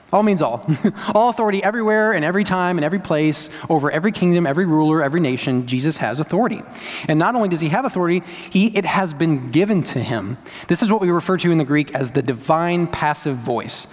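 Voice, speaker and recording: Man preaching in a reverberant hall. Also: fairly high pitch. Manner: emphatic preaching with repetition and rhetorical questions. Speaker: pastor. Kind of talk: sermon.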